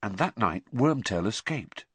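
Brief: anxious teen boy, voiced by a male reader, earnest, lifted pitch, lively. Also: unhurried, slightly rough, no room sound, heavily acted. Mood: troubled. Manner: earnest, troubled. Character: worried teenage boy, earnest.

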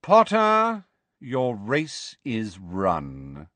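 A man voicing a cold, aristocratic villain who speaks in a slow, drawling, condescending sneer. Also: mid-range voice, huge pitch swings, fairly bright tone, no room sound, heavily acted.

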